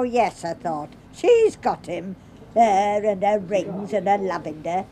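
An actress playing a gossiping, sharp-tongued older mother, needling her grown daughter. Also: mid-range voice. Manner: sharp-tongued, needling, lively sing-song delivery.

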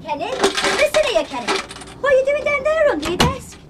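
A woman's voice: very high voice, big pitch swings, normal speed, very noisy. An actress playing a blunt, fed-up young woman worker, quitting her new job. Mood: exasperated. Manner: blunt, exasperated.

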